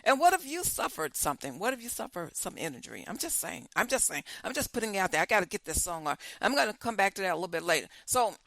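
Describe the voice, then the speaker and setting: Bright-voiced woman host musing aloud. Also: mid-range voice, sing-song, quick pace, gravelly, hardly any pauses, no room sound, poor audio. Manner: repetitive, questioning, rambling with many restarts. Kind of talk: casual talk show monologue.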